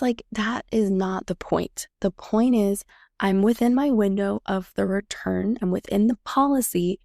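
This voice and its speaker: Chatty woman with a gravelly edge. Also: medium pitch, darkish tone, no echo, studio quality. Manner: chatty, reenacts quoted dialogue. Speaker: podcast host. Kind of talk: casual storytelling monologue.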